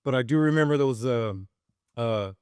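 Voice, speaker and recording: A middle-aged man chats easily with his grown daughter, stopping often for fillers and restarts. His voice is smooth and clear, at an average pitch. The sound is dry and close. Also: moderate pace, dry recording. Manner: relaxed, hesitant, many fillers and restarts. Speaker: host, father interviewing his daughter. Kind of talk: casual family interview.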